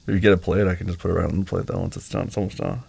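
Gravelly husky man in boyfriend role-play. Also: sits low, flat delivery, racing. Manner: gentle, teasing and affectionate, laughs often.

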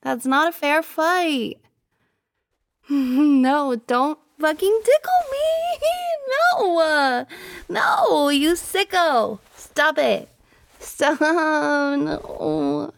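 A woman's voice: high voice, sing-song, drawn-out words, heavily acted. A young woman voicing a jealous, possessive girlfriend in an audio role-play, pouty and teasing, sometimes dropping to a whisper. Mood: playful.

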